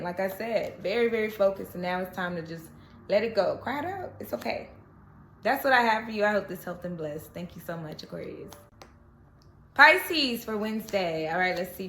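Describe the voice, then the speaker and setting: A woman gives a casual tarot reading in a lively, encouraging manner, often checking in with the listener. Her voice sits mid-range in pitch. The recording is roomy and echoey, with a faint hiss underneath. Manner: animated, repeats "okay?" and reassuring phrases. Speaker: tarot reader. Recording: echoey room with faint noise.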